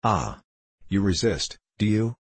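A man's voice: on the low side, sing-song, slow pace, breathy edge, no echo, heavily acted. A man voicing an arrogant, impatient guard captain in an audiobook reading. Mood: commanding.

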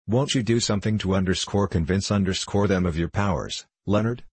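A man voicing a shrill, pleading older aunt. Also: brisk, slightly rough, no echo.

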